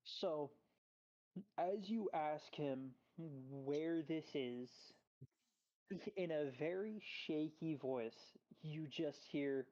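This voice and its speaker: A game master running a casual tabletop session, halting with lots of "like" and restarts. The voice is dark and mellow, recorded on a somewhat dull, muffled mic. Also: mid-range voice. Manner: halting, full of fillers and restarts.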